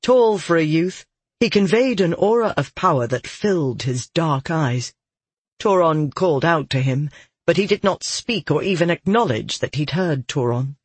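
A man narrates a fantasy audiobook in a measured, steady reading. His voice is husky and sits a bit high. The recording is close and dry. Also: no room sound.

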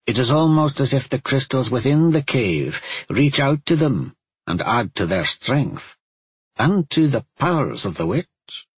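A man's voice: mid-range voice, very animated, measured pace, breathy edge, dry recording, pitched above the performer's own voice, full character voice. A man doing a stern old witch mentor. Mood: calm instructive. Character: stern older woman, a commanding witch mentor.

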